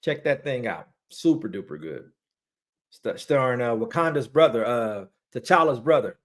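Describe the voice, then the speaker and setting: Speaking at a normal speed, a man rants to his audience about movies and shows in a loose, excited way, circling back over the same points. His voice breaks upward whenever he gets heated.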